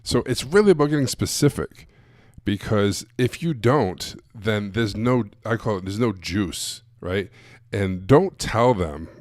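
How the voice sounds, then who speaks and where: A man's voice: lowish voice, expressive, measured pace, few pauses, darkish tone, dry recording, clean studio sound. A man coaching other coaches live, blunt and direct, asking rhetorical questions and repeating his points. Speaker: sales coach. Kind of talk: live-streamed teaching.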